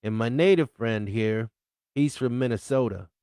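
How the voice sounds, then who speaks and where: A man's voice: mid-range voice, normal speed, darkish tone, clean tone, no echo, studio quality, natural voice. A man voicing a cheerful, talkative male friend with an upbeat, chatty manner.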